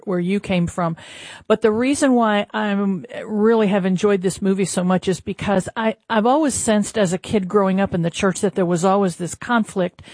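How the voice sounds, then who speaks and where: A woman co-hosting a talk show, speaking earnestly and haltingly, with many restarts. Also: medium pitch, a little mellow, no echo. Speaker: co-host.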